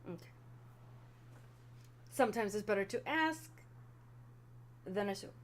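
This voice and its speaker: Female game master, lively tabletop narration, slight background hum. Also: medium pitch, unhurried.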